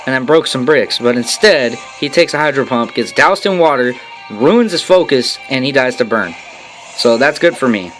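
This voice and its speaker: A young man swearing and joking sarcastically as he narrates his own game battle in a voice-over. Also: on the high side. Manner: swearing, sarcastic, excitable, swings between shouts and mutters. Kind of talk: profane gameplay commentary voice-over. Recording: faint game music behind.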